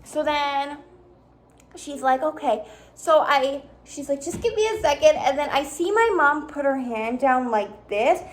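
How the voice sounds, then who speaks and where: A young woman vlogging at home, telling a casual story time in an animated, dramatic way and acting out the quotes. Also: sits high, slow.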